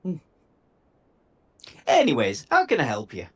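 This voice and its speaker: A man's voice: mid-range voice, huge pitch swings, a little slow, breathy edge, exaggerated voice. A man voicing a friendly male gnome tinkerer in a put-on Irish accent, chatty and welcoming.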